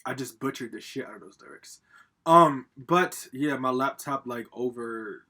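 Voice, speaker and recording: Husky-voiced man giving a loose tarot reading. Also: mid-range voice, fairly quick, sharp tone. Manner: loose, profane, talks straight to viewers; rambling with frequent fillers and laughs. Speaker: tarot card reader. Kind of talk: casual pick-a-card tarot reading. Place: home, with a laptop.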